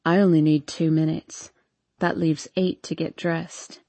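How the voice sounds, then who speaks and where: Brief: woman doing brooding young man, dropped low, mellow murmur, dry close read. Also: flat delivery, unhurried, vocal fry, no room sound, full character voice. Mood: low teasing.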